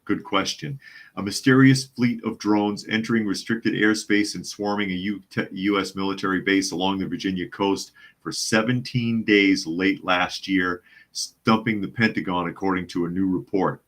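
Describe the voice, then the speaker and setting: A man's voice: low voice, normal speed, a bit bright. A man hosting a live news podcast who reads out viewer comments in a wry, skeptical, chuckling manner. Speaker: podcast host.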